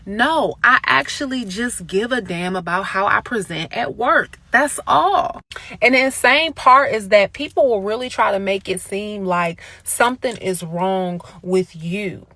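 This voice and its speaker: A woman's voice: mid-range voice, a little slow, bright, forceful tone, dry recording. A woman ranting in a short clip, emphatic and indignant.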